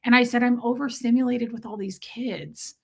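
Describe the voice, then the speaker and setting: A woman's voice: fairly high pitch, normal speed, creaky, breathy edge. A woman in her thirties hosting a live stream, chatting casually, telling a story with exaggerated quoted voices and reading out viewer comments. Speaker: livestream host.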